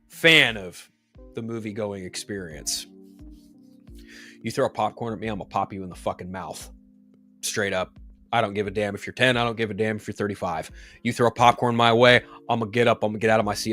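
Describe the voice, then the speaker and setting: A man's voice: lowish voice, sharp tone. A man hosting a commentary show, ranting heatedly and swearing often.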